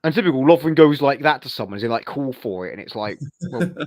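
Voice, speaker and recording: A man's voice: mid-range voice, quick pace, no echo. Chatty man, dry close sound. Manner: chatty, animated storyteller. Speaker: co-host of a live watchalong. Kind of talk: casual football chat and commentary.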